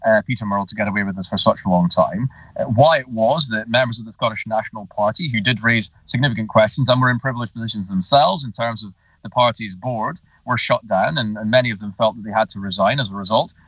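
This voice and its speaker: Low-voiced politician on a distant phone line. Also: male voice, fast, fairly bright tone, husky, no room sound. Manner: insistent, argumentative. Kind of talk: radio interview by phone.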